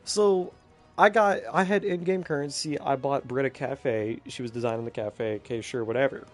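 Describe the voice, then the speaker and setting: A man's voice: medium pitch, moderate pace, soft background music. A young man telling a story in casual chat, swearing a lot and laughing often between lines.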